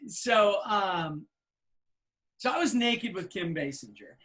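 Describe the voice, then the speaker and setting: A man's voice: sits high, takes it slowly, crowd noise. Man in his fifties telling stories. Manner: anecdotal, animated retelling with many fillers. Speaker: podcast co-host. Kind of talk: casual storytelling chat.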